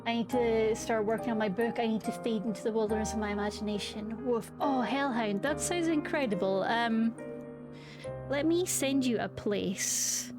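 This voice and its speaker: A young woman chatting casually with her viewers, bubbly and giggly. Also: fairly high pitch. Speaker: streamer. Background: background music.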